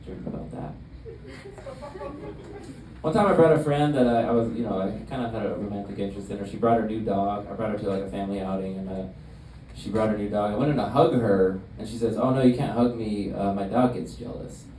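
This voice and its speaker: Deadpan young comedian in a roomy club. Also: male voice, lowish voice. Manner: deadpan, halting delivery with many fillers. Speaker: stand-up comedian. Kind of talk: stand-up comedy set. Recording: roomy club sound from a distance, audience noise. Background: audience laughter.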